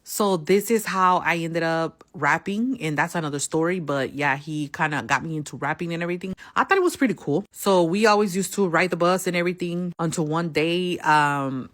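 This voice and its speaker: A woman's voice: fairly low pitch, normal speed, few pauses, a bit bright. A woman casually telling a personal story, swearing heavily in street slang and acting out each person she quotes.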